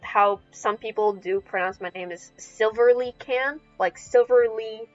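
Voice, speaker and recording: A woman's voice: fairly high pitch, unhurried, lo-fi sound, soft background music. A woman hosting a casual podcast, chatty and giggly. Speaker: podcast host and streamer.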